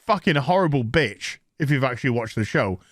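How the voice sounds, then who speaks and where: A man's voice: medium pitch, expressive, dry recording, studio quality. A man recapping a TV episode in a casual, sarcastic, profane rant, mocking the scenes. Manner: mocks scenes in quick put-on voices. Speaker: TV show reviewer.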